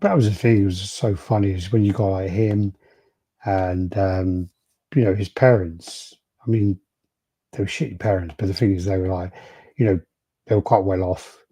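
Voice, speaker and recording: A man co-hosting a podcast in halting, sweary casual chat. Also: low-pitched, steady tone, dark tone, slightly rough, dry recording. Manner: rambling, halting, swears, laughs often. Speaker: podcast co-host.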